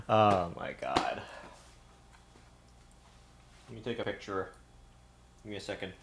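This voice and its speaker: A man's voice: deep voice, expressive, slow pace, vocal fry, long pauses, a bit bright, slight background noise. A man streaming live from a home kitchen, winded and tired. He rambles to his viewers and swears often. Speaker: livestreamer. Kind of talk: casual live-stream chat.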